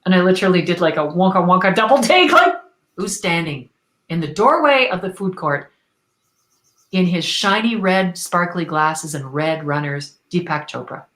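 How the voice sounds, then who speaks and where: A woman from Canada, a guest on an interview show, telling a personal story in an enthusiastic, expressive, spiritual way. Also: lowish voice, moderate pace, roomy sound, poor audio.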